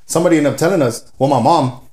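A man from West Dallas, telling animated, profane stories as a podcast guest and laughing through them. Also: fairly high pitch, rapid-fire, roomy sound. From West Dallas, Texas. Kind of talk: casual podcast storytelling.

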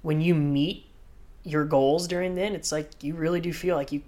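A man's voice: on the high side, moderate pace. A man, a professional surfer, telling a story in a casual podcast interview and acting out what others said. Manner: animated, vivid storyteller who acts out others' lines.

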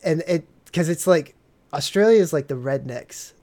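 Laughing, slightly high man. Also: animated, moderate pace, a little mellow. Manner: rambling, profane storytelling, laughing often. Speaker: military veteran telling stories. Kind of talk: casual podcast chat.

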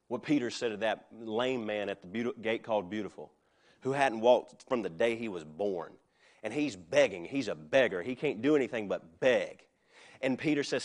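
A man's voice: medium pitch, expressive, moderate pace. A middle-aged male pastor preaching a sermon in a conversational way, with joking asides.

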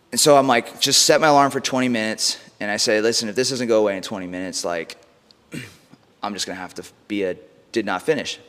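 A man's voice: fairly low pitch, quick pace, fairly bright tone. A man, a podcast guest, telling a personal story in a casual, slangy way, swearing freely and saying "bro" and "like" a lot. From United States. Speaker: podcast guest, mindset coach. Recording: long room reverb.

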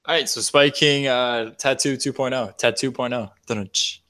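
A man's voice: mid-range voice, fairly even intonation, normal speed, pushed and bright, no echo, clean studio sound. A man hosting a casual podcast, loose and joking as he leads the talk. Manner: loose, joking, laughs often. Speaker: podcast host. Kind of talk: casual chat.

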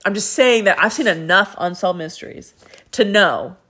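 A woman's voice: medium pitch, normal speed, a bit bright, slightly rough. A woman co-hosting a podcast, chatting in an eager, crude way and cutting in to correct the story. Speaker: podcast co-host. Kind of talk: casual chat.

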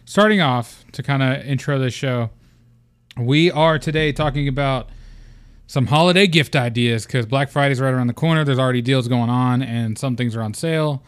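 A man's voice: mid-range voice, moderate pace, clean tone. A young man hosting a gaming podcast, chatting loosely, joking and swearing freely. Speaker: podcast host. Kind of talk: casual gaming podcast chat.

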